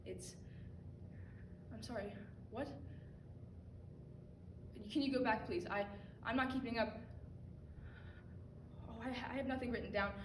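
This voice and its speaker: A teenage girl with a high voice performs spoken word poetry with dramatic, anxious intensity. She is caught from a distance in an echoey school theatre, with clear background noise. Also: measured pace, long pauses. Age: teens. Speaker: student poet. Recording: echoey hall from a distance, noisy.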